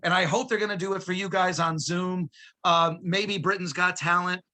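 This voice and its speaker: Man, guest magician on a video call; high bright voice, excitable, self-mocking jokes. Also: normal speed. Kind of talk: joking comedic patter over video call.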